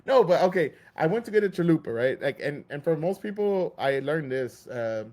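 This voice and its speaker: Man, host, fired-up profane rant, a touch high in pitch. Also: sing-song, moderate pace, darkish tone. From Texas. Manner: heated, swearing, acts out store clerks. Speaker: podcast host.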